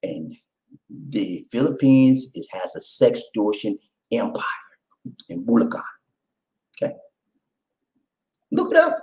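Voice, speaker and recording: Animated man vlogging, echoey room. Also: mid-range voice, slow, pauses often. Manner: animated, joking, talks straight to viewers. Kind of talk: casual vlog commentary.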